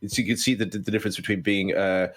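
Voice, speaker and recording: A man co-hosts a casual film podcast with a fairly low voice. He rants freely and swears often as he picks the film apart. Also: steady tone, fast, fairly bright tone. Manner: profane, ranting. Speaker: podcast co-host.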